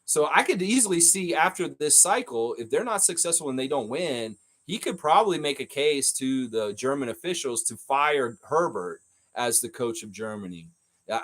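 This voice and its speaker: A man hosts a casual live stream and talks at a mid pitch. He rambles in an animated way, restarting his sentences and answering the chat as he goes.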